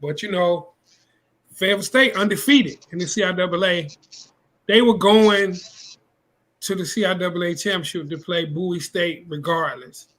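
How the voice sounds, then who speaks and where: A man co-hosting a casual sports podcast, telling stories in an animated way. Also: sits high, normal speed, poor audio. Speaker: podcast co-host.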